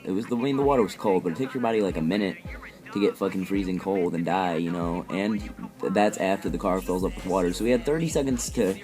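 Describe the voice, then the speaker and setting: A teenage boy with a fairly low voice delivers a heated, swear-filled rant as commentary over gameplay. He talks straight into the mic while faint music plays behind him. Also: fast, a little mellow. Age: teens. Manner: profane, heated ranting. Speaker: gaming commentator.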